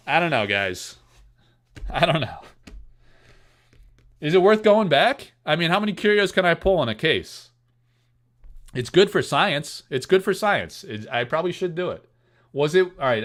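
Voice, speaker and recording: A young man hosting a live pack-opening stream, talking straight to chat in a loose, excitable way. His voice is a bit higher than most men's and swings widely in pitch, jumping up and dropping low as he jokes at his own expense. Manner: excitable, self-mocking, talks straight to chat.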